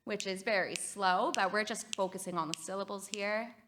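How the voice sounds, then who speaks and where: A woman's voice: mid-range voice, fairly even intonation, moderate pace, background noise. A woman with a Canadian accent giving a conference talk on music therapy, upbeat and encouraging as she leads the audience through exercises. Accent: Canadian English. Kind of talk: conference presentation. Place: conference hall.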